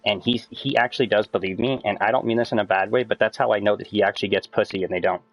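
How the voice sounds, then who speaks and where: A man chatting with friends while he plays a game on stream. He lectures them and swears a lot, and his voice climbs higher as he gets worked up. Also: steady tone, fast, rough recording. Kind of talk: casual chat with friends while gaming.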